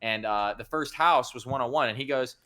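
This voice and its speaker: A young man tells a story at a fast clip in a bright, forward voice. He is loose and animated, swearing freely and acting out each person he talks about. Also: medium pitch. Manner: animated, swears a lot, acts out the people in his story. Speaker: podcast co-host telling a story. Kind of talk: casual storytelling chat.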